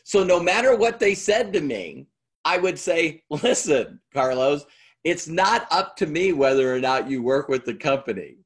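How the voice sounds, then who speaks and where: A man's voice: fairly high pitch, animated, unhurried, slightly rough. Man telling a story to an audience. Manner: conversational, acts out both sides of past dialogues. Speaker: motivational speaker. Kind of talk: storytelling talk to a live audience.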